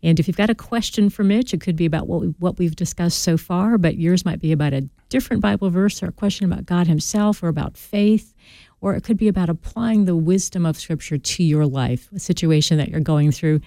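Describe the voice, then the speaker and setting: A woman hosting a live call-in radio show, announcing smoothly and reading listener texts. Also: lowish voice, a little fast, mellow, no room sound. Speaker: radio host.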